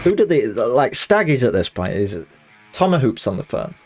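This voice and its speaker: A man's voice: mid-range voice, sing-song, normal speed, darkish tone, soft background music. A young man chatting casually while streaming a fighting game, joking and putting on voices. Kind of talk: live game commentary.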